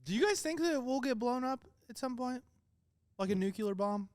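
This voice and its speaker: A man's voice: very high voice, expressive, normal speed. A man co-hosting a comedy podcast, playful and teasing in casual chat. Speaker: podcast co-host.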